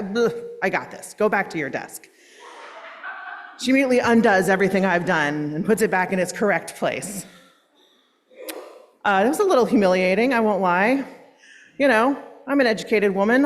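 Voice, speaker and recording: A woman minister preaching a sermon, telling a story with self-deprecating asides. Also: on the low side. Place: church sanctuary. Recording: long reverb in church sanctuary.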